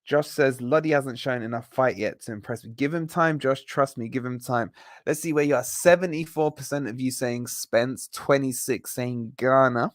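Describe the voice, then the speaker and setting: A man's voice: mid-range voice, normal speed, dry recording, studio quality. A man hosting a casual late-night live stream, chatting and reading out viewer comments with jokey banter. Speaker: livestream host reading chat.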